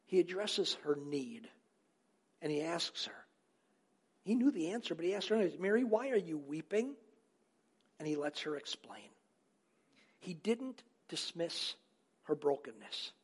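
A man's voice: on the high side, big pitch swings, unhurried, pauses often, husky. A man preaching a sermon as a pastor, earnest, asking rhetorical questions and answering them himself, repeating key phrases for emphasis.

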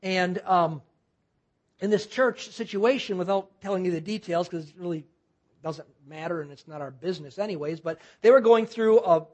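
A minister telling a story in a sermon, earnest, halting and restarting often. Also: mid-range voice, darkish tone. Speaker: guest minister.

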